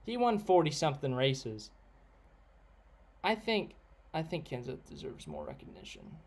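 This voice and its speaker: A man's voice: on the high side, huge pitch swings, unhurried, a little mellow, a little hiss or hum. Rambling, opinionated man on a live stream. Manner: rambling, opinionated, reads out chat names. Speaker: live streamer answering viewers. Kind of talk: casual live stream chat.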